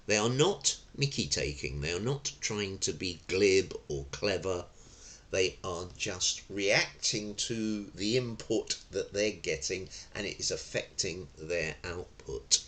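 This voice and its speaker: An older Englishman gives an informal lesson in a low, deep voice. His tone is bright and forceful. He wanders off on tangents and corrects himself as he goes. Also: takes it slowly. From London, England. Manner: chatty and digressive, with frequent fillers and self-corrections. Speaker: tai chi and self-defence instructor.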